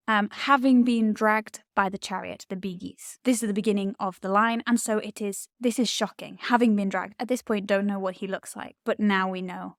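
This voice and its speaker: A woman's voice: medium pitch, no room sound, clean studio sound. A woman Latin tutor, explaining poetry in an enthusiastic, chatty way with frequent ums.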